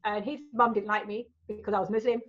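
A woman with a medium-pitched, level voice speaks quickly as a podcast guest, and the audio has its highs cut off. She tells personal stories candidly, swears freely, and tags her lines with "right" and "you know."

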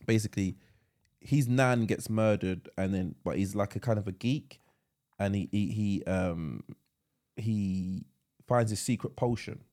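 A man's voice: lowish voice, unhurried. A man co-hosting a podcast, casually retelling a film scene in a rambling, laughing way. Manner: rambling storyteller, animated and laughing. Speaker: podcast co-host. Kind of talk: casual chat.

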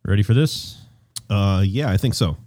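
Male podcast host, casual laid-back banter, mellow low voice. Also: moderate pace, no echo.

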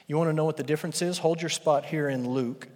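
Pastor preaching in a reverberant sanctuary, animated storyteller, man. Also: fairly high pitch, quick pace. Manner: animated storytelling, swings from loud to hushed. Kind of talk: sermon. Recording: long hall reverb.

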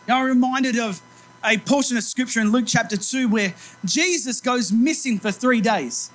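A man's voice: extremely high pitch, moderate pace, a bit bright, slight background noise. A man in his thirties preaching a sermon as pastor, telling stories in a conversational, self-deprecating way.

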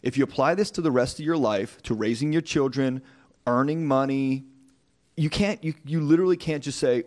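A candid man speaking as a guest on a talk podcast, blunt and direct. He argues by everyday analogy in loose, conversational phrasing. His voice has an ordinary male pitch. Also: normal speed, darkish tone. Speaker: guest, newer churchgoer. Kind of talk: casual interview chat.

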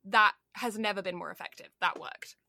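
A woman's voice: medium pitch, fairly quick, creaky, pushed and bright, no echo. A young Canadian woman co-hosting a podcast, chatting casually and rambling with lots of "like" and "um". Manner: rambling, heavy on "like" and "um". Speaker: podcast co-host. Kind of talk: casual chat.

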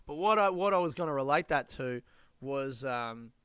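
A young Australian man telling stories in a casual monologue, animated, laughing and swearing as he goes. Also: mid-range voice, normal speed, clean tone, dry recording, clean studio sound.

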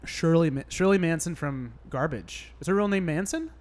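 A man's voice: fairly high pitch, expressive, normal speed, a little mellow. A man co-hosting a podcast in casual, goofy banter. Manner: goofy, joking, breaks into laughter. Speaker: podcast co-host.

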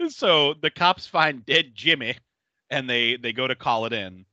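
Lively, bright-voiced man recapping a film. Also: medium pitch, takes it slowly, no room sound, highs cut off. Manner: animated, laughing often, swears freely. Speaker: podcast host. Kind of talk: casual chat recapping a horror film.

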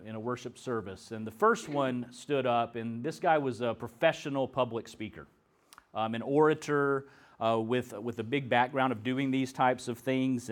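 A man preaching a sermon, reading scripture and then telling a story in an earnest, conversational way. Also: mid-range voice. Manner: earnest storytelling, some restarts.

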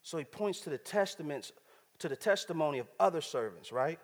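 A man's voice: a little high, lively intonation, brisk. A man preaching a sermon, using casual street slang and checking in with the congregation as he talks. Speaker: pastor. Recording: church hall reverb.

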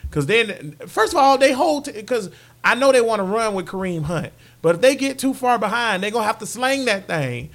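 A man with a high voice co-hosts a casual sports podcast. He jokes constantly, trading banter and slipping into silly bits. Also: animated, moderate pace, a bit bright. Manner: joking, does silly impressions and sings. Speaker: podcast co-host.

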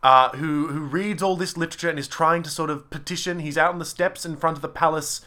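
A man co-hosting a podcast, chatting casually about theatre shows and acting out lines in quick put-on voices. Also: a little high. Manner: animated, acts out lines in quoted voices. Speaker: podcast co-host. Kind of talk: casual chat reviewing theatre.

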